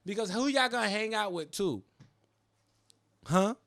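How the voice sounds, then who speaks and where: A man hosting a podcast, talking in an animated, profane way and laughing often. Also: sits high, measured pace, dry recording, studio quality. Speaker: podcast host. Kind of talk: casual podcast chat.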